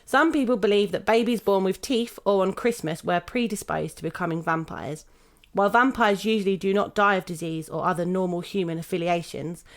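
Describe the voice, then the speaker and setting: A young British woman hosting a podcast, reading a prepared script in a steady, measured way. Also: fairly low pitch. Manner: steady, measured reading, laughing now and then. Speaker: podcast host.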